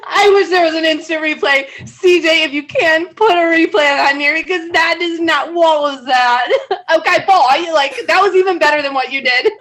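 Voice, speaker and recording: A woman co-hosting a podcast in casual chat, animated, swearing freely and laughing often. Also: very high-pitched, moderate pace. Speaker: podcast co-host.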